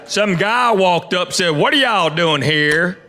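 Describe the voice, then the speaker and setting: Middle-aged man, stand-up comedian, slightly high voice, easygoing storytelling, live stage mic, audience noise behind. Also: animated, slow, pushed and bright. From Knoxville, Tennessee.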